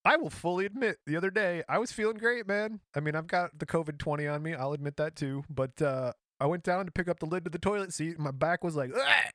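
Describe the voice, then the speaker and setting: A man's voice: a little high, fast talker, few pauses, a bit bright, no echo, studio quality. A man in his thirties hosting a podcast, reading history notes aloud in a casual, jokey way. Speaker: podcast host. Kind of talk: casual storytelling chat.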